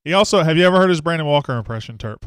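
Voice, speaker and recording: A man's voice: a little high, lively intonation, rapid-fire, fairly bright tone, clean tone, dry recording. A man hosting a casual live sports talk show, rambling and self-deprecating as he greets viewers by name.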